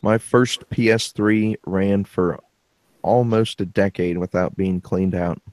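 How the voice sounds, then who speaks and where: A man's voice: sits low, steady tone, slow pace, a little mellow, no echo. A man hosting a casual podcast chat, wry and joking, swearing now and then. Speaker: podcast host.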